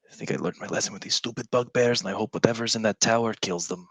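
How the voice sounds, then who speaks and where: A man's voice: lowish voice, quick pace, no echo. A man voicing a testy, sarcastic male adventurer in a tabletop role-play, grumbling complaints in character. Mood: apologetic.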